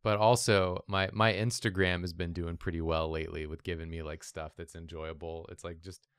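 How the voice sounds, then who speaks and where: A woman hosting a drawing show, chatting in a jokey, animated way with bursts of laughter. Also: very deep voice, moderate pace, smooth, no echo. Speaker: show host. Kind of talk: casual chat while drawing.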